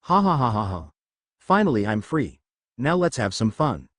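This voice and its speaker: A man's voice: mid-range voice, sing-song, normal speed, no echo, clean studio sound. A man voicing an arrogant, boastful male sand demon who taunts his foe in a fan-made anime story. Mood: gloating.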